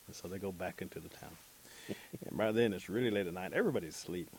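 Man, low gravelly voice, animated storytelling, faint hiss. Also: very fast. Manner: animated, acts out characters' lines. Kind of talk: oral storytelling.

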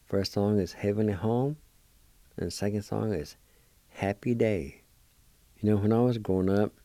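A man hosting calmly, introducing songs in a low-key way. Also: no echo. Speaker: host.

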